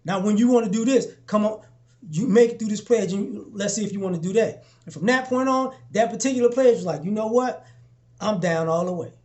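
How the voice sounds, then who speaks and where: Young man, motivational vlog talk, preachy, repetitive, high-pitched. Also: fairly quick, darkish tone. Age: young adult. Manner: preachy, repeats himself, acts out quoted exchanges in a lower voice. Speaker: motivational vlogger. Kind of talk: casual motivational talk to camera.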